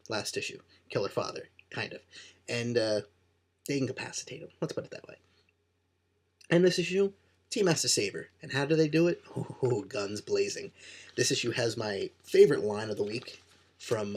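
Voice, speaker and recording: A man from New Jersey casually reviewing comics in a cold room indoors, rambling and offhand and quick to poke fun at himself. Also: mid-range voice, slightly rough. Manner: rambling and offhand, self-deprecating.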